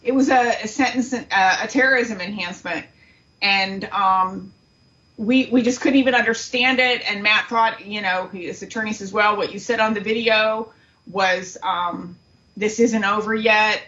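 A middle-aged woman, a guest on a talk show, telling a painful story in an earnest, halting way. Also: medium pitch, fairly even intonation, bright, forceful tone, highs cut off. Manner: earnest, grief-stricken, halting. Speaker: guest, aunt of the subject. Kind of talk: emotional interview storytelling.

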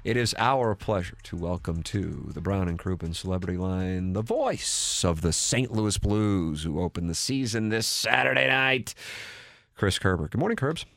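A man's voice: low-pitched, lively intonation, moderate pace, vocal fry, a bit bright, dry recording. A man hosts sports talk radio in a studio, upbeat and polite, laughing easily. His voice is close and dry, with no room sound.

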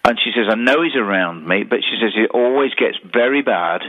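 A man telling ghost stories in a casual chat, animated, often repeating words. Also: lowish voice, fairly quick. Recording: tinny phone-line audio.

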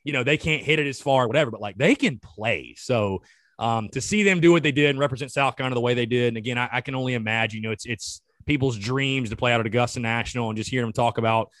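A man, hosting a podcast in a relaxed, casual chat and often repeating his words. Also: medium pitch, fast talker, dry recording. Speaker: podcast host.

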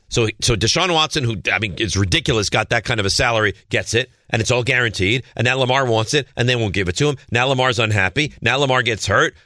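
Male sports talk host, emphatic, repeats himself; bright tone, dry close mic. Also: mid-range voice, dry recording. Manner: emphatic, repeats points for stress. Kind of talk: sports talk radio chat.

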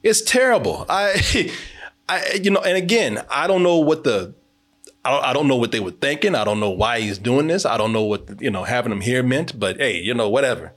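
A man hosting a casual movie commentary podcast, animated, joking and profane. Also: medium pitch, moderate pace. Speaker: podcast host.

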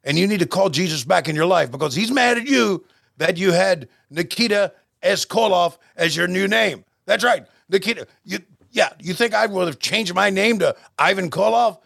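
A man co-hosting a podcast, chatting casually in a jokey, rambling, halting way. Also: sits high, animated, creaky, fairly bright tone, husky, dry recording, studio quality. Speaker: podcast co-host. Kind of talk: casual chat.

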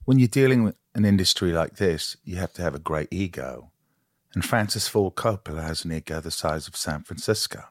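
A man's voice: low voice, animated, fairly quick, no room sound, clean studio sound. An American man putting on a London home-counties accent to imitate a pompous British actor talking about ego. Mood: lofty.

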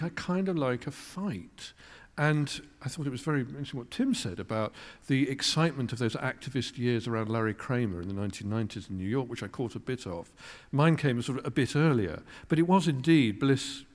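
A man, a guest musician telling stories in a wry, articulate, self-deprecating way. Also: mid-range voice. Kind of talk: reflective storytelling interview. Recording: long reverb of a large hall.

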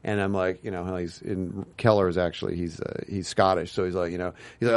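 A man's voice: sits low, fast talker, hardly any pauses. A man guest in a casual interview, telling rambling anecdotes full of tangents and acted-out quotes. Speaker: guest, TV writer and producer.

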